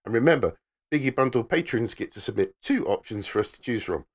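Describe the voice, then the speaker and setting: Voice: mid-range voice, animated, fast talker. Podcast co-host reading a plug.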